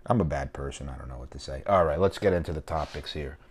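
A man's voice: rumbling low, fast. A man hosting a casual solo podcast from his kitchen, rambling, swearing and joking at his own expense. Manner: profane, rambling, self-mocking. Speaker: comedian and podcast host. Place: home kitchen.

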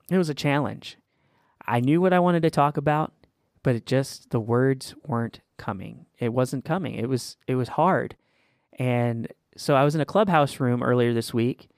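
A man's voice: mid-range voice, darkish tone, clear, resonant tone, no room sound, studio quality. A man hosting a faith podcast for small business owners, telling stories in an earnest, encouraging way. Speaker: podcast host. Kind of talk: casual faith podcast chat.

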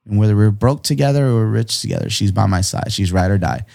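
Slangy man telling a story, low voice. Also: fast talker, creaky. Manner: animated, jumps high in pitch when quoting people; slangy, laid-back, says dude and bro a lot. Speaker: guest artist. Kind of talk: casual storytelling chat.

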